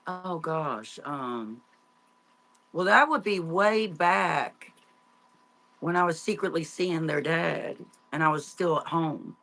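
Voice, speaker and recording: A middle-aged woman, an interview guest, telling her life story in a halting, tearful way with many fillers and restarts. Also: low-pitched, gravelly, a bit bright. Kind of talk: emotional personal storytelling.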